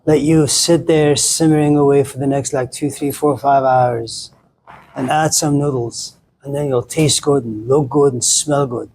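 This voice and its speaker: A man's voice: medium pitch, steady tone, unhurried, darkish tone, slight background noise, close to an everyday voice, poor audio. A man voicing a blunt, matter-of-fact male cook in a told story.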